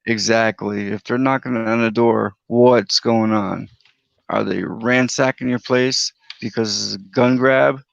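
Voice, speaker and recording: A tired man on a livestream panel after streaming all night, talking slowly and casually and asking "you know what I'm saying". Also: fairly low pitch, steady tone, gravelly, no room sound, muffled recording. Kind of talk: casual chat.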